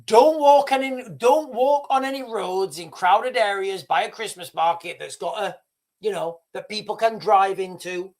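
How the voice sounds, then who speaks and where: A man's voice: high voice, normal speed, a little mellow. A man holds forth on his live stream in a loose, rambling way. He circles back on his words, restarts sentences and lets slip a chuckle at himself. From Britain. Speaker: livestream host. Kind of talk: casual live-stream monologue.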